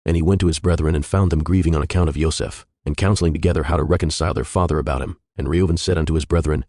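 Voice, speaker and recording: Man with a super deep voice reading old scripture, quick steady delivery, dry close sound. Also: dry recording. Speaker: scripture reader. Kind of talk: scripted narration.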